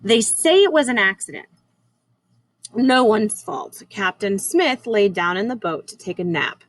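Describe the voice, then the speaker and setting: A woman teacher reading a novel aloud at a measured, unhurried pace, with occasional small slips. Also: mid-range voice, expressive, no room sound, rough recording. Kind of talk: read-aloud chapter book narration.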